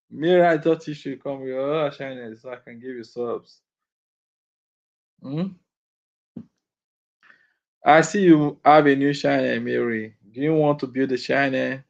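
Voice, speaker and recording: A man's voice: mid-range voice, gravelly. A man live streaming and chatting casually with his viewers, teasing and chuckling, repeating lines as he reads comments, sounding sleepy. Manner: laid-back, teasing, chuckles often, repeats himself. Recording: slightly dull lo-fi audio.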